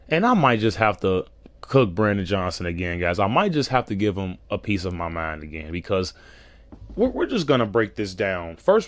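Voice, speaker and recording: Animated, ranting man from Chicago. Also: on the high side, no echo. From south side of Chicago. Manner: blunt, slangy, confrontational. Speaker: commentary vlogger. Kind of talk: ranting political commentary.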